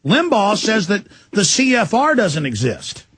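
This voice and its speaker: A man hosting a talk radio show, forceful and emphatic, cutting in on his guest. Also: high-pitched, huge pitch swings, a little slow, a little hiss or hum.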